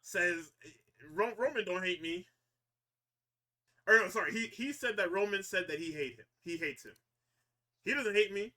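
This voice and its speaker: High bright-voiced guy ranting about wrestling, laughs a lot, acts out promos. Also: moderate pace, long pauses. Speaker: podcast co-host recapping wrestling. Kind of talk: casual profane recap chat.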